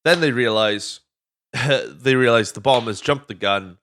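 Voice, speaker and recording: A man's voice: mid-range voice, a little slow, a bit bright. A Welsh man hosting a podcast, chatting casually through a movie recap, swearing freely and drifting off on tangents. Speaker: podcast host.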